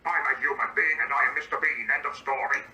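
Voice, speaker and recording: A man's voice: fairly high pitch, steady tone, quick pace, bright, forceful tone. A synthetic male voice playing an indignant, easily baffled grown man, reading out his own stage directions before each line. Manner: synthetic, evenly paced delivery. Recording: echoey and distant, faint background hiss.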